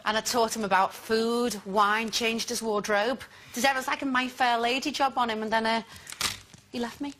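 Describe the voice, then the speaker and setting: A woman's voice: fairly high pitch, steady tone, moderate pace, background noise. A woman panelist on a daytime TV chat show in a studio, wry and self-mocking.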